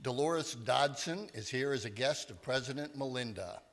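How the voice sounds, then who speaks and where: A man's voice: mid-range voice, normal speed. A man acting as sergeant at arms at a club meeting, formally welcoming and introducing guests by name. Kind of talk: meeting announcements. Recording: echoey hall.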